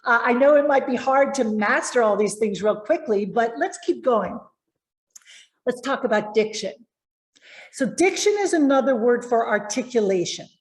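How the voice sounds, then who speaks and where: A woman coaches presenters in a lively, emphatic way, stretching out the words she wants to stress. Her voice sits a little high. The room around her is echoey. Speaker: communication coach. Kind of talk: presentation tips lesson.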